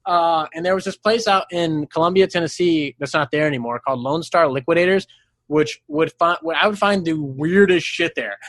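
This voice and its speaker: A man's voice: on the high side, moderate pace, a bit bright, no room sound, studio quality. A young man, a podcast guest, telling a story in casual chat, swearing a lot and laughing mid-sentence. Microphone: studio microphone.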